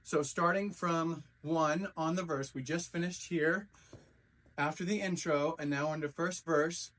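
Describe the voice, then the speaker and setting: A man with a slightly high voice leads a dance class step by step, calling out counts and beat sounds while he demonstrates the moves. He sounds a little distant from the microphone. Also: steady tone, unhurried, a bit bright. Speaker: dance instructor. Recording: voice from a distance from the mic.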